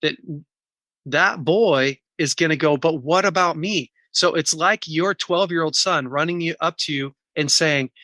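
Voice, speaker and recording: Bright-voiced man, earnest and explaining. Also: fairly high pitch, measured pace, no room sound. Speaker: guest. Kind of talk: casual interview talk.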